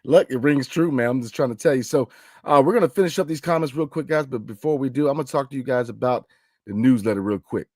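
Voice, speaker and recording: A man hosting a sports podcast late at night, reading listener comments and talking in an animated casual way, full of slang and repeated fillers. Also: medium pitch, fast, no room sound, studio quality. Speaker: podcast host.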